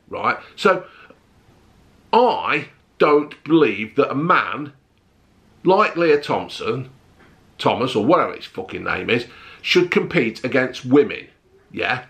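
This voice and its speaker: A middle-aged man, ranting bluntly to camera in a vlog, swearing heavily and flaring up loudly. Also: mid-range voice, gravelly. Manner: blunt, heavy swearing, rising to shouty outbursts. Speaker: vlogger.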